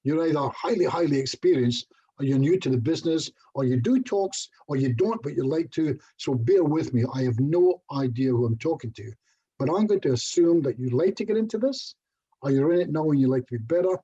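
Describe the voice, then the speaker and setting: A man's voice: on the high side, expressive, a little fast, dark tone, breathy edge, lo-fi sound. A middle-aged Scottish man giving a casual online presentation as a hypnotherapist, chatty and self-deprecating, with little jokes. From Scotland.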